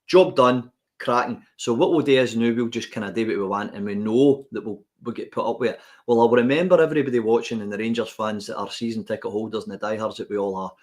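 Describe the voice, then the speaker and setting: A man's voice: lowish voice, fast talker, few pauses, darkish tone. A man with a Scottish accent, co-hosting a podcast and ranting with passion in casual chat. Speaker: podcast co-host.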